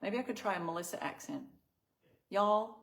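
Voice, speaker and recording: A woman's voice: mid-range voice, normal speed. An Australian woman hosting a casual craft livestream, chatting and reading out viewer comments. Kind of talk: casual live-stream chat.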